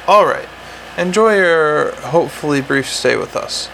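In this audiobook, a man gives voice to a worn-out commander of the city watch who talks in clipped, dry, sardonic lines. The sound has a gravelly edge and sits slightly high for a man. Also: very animated, measured pace, sharp tone, slight background noise, exaggerated voice, poor audio. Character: gruff weary male city watch commander. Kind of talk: audiobook character reading.

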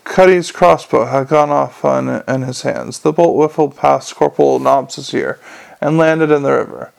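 A man reading a comic fantasy novel aloud as an audiobook narrator, with a wry, expressive delivery. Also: mid-range voice, measured pace, vocal fry.

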